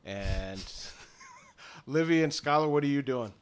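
A man's voice: on the high side, fairly even intonation, takes it slowly, clean tone. A man narrating a tabletop game as game master, describing scenes in an easygoing way. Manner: descriptive, easygoing, with frequent restarts.

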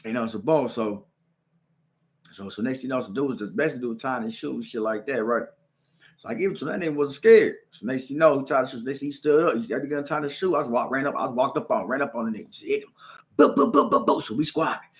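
A young man hosting a podcast, telling a story in casual chat, animated and slang-heavy, acting out punches with sound effects. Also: medium pitch, quick pace. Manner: slang-heavy, repeats "you know what I'm saying". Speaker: podcast host.

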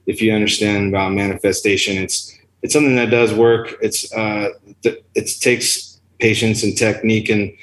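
A man's voice: fairly low pitch, little pitch movement, normal speed, fairly bright tone, roomy sound, poor audio. A man and musician talking casually and earnestly in a rambling, philosophical way. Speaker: musician guest. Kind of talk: casual chat.

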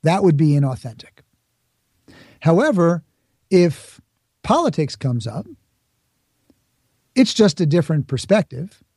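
A man's voice: on the high side, big pitch swings, unhurried, long pauses, mellow, slightly rough, no room sound, clean studio sound. A middle-aged man from the Bronx, a podcast guest talking in a reflective, explanatory way. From the Bronx, New York. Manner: reflective, explains with examples and acted-out asides. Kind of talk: conversational interview.

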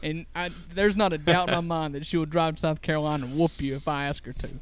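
Young Southern man, north Mississippi accent, slightly high voice, teasing sports podcast banter. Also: steady tone, fast talker, a little hiss or hum. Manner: teasing, laughs often. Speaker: podcast co-host. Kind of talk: casual sports podcast chat.

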